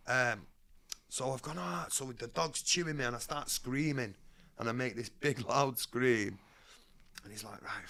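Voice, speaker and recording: Man, gravelly voice, mid pitch, blunt streetwise storytelling, interview guest. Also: sharp tone. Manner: blunt, streetwise, swearing freely.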